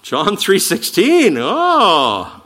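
A high, bright male voice preaching with lively swings in pitch. He explains each point in an animated, emphatic teaching style and slows right down to lean on key words. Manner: animated, emphatic teaching with slow stressed quotes. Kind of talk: sermon.

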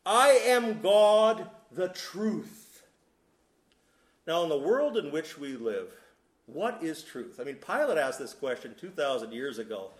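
A man preaching a sermon, emphatic and deliberate, with sudden drops to a soft voice. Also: mid-range voice, big pitch swings. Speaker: pastor. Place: church sanctuary. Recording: echoey room.

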